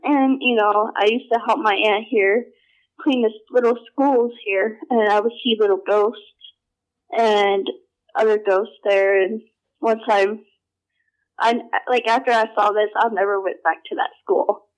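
A young adult woman telling personal stories in a casual, halting way, full of filler words and restarts. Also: mid-range voice, fairly even intonation, rough recording. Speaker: storyteller.

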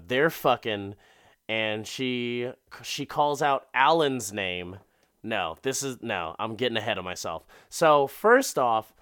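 A man's voice: medium pitch, fairly bright tone, clean tone, no echo, studio quality. A man giving a profane, rambling comic recap of a movie, full of fillers.

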